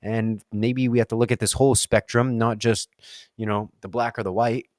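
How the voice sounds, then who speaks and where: A man's voice: medium pitch, level tone, darkish tone, no echo. Casual man musing, dry close mic. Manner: playful, acts out quick silly voices mid-thought. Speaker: solo podcast host answering reflective questions. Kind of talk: casual spoken reflection.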